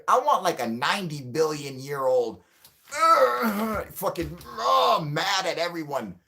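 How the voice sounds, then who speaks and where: A man hosting a UFO livestream in casual chat with viewers, rambling and swearing, joking and laughing often, and turning loud and mock-heated when riled. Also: a little high.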